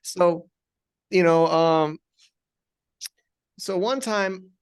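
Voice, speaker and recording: A man, a podcast guest, telling a personal story conversationally with many restarts and animated retellings. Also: a little high, moderate pace.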